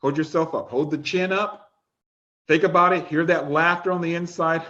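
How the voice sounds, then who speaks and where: High-voiced energetic man coaching. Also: normal speed, dull audio. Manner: energetic, coaxing, repeats instructions, laughs often. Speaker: life coach. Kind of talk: live-streamed coaching class.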